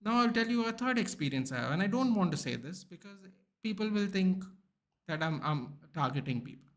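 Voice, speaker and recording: A man's voice: high-pitched, brisk. Heated, profane young Indian man ranting. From India (Goa). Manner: heated, profane, animated storytelling. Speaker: sports watchalong streamer. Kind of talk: casual ranting chat.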